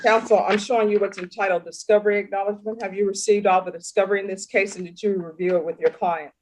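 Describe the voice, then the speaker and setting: A woman's voice: mid-range voice, fairly even intonation, fast, low-quality recording. A woman judge conducting a formal court hearing over video, firm and corrective in manner.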